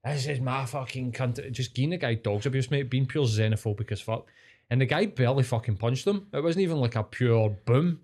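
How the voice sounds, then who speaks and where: A Scottish man, a podcast co-host, telling a story in casual chat, swearing freely and getting animated. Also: mid-range voice, fairly quick.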